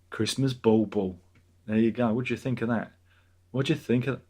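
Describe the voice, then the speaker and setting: Sardonic man with a husky voice. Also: mid-range voice, a little fast, darkish tone. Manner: rambling, sardonic, reads chat aloud. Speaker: livestream host. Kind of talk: casual livestream chat.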